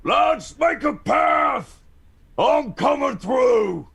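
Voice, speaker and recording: A man voicing a bold warrior who shouts a battle cry as he charges through. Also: very high-pitched, lively intonation, very slow, creaky, heavily acted. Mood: rallying shout.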